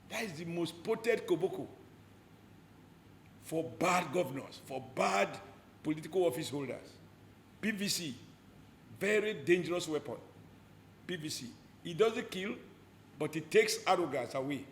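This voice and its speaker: Emphatic Nigerian politician in an echoey room. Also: male voice, a little high, lively intonation, normal speed, long pauses, a little hiss or hum. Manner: forceful, rhetorical, repeats short punchy phrases.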